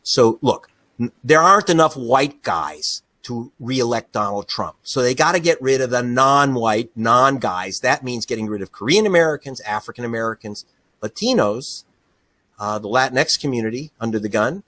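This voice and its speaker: Being interviewed as a guest, this middle-aged investigative journalist speaks with passion and indignation and laughs frequently. His medium-pitched voice is sharp, with lively intonation and a moderate pace, and the recording has no room sound.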